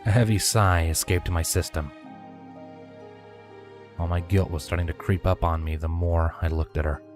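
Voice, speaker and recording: A man reads a fanfiction story aloud in a very low voice, with measured first-person narration. He drops to a hush for his character's lines. Faint music plays beneath him. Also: fairly even intonation. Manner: measured first-person narration, dropping to hushed whispers for dialogue. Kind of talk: fanfiction audiobook reading.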